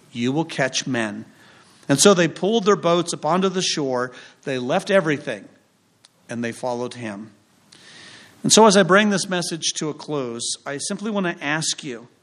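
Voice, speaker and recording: Emphatic preaching man, slightly high voice. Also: fairly bright tone. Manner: emphatic, rising and falling preaching cadence with dramatic pauses. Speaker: pastor. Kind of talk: sermon.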